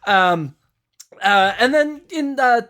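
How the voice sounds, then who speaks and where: A man hosting a casual podcast interview, agreeable and quick with affirming murmurs. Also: very high voice, animated, pushed and bright. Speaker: host and show creator.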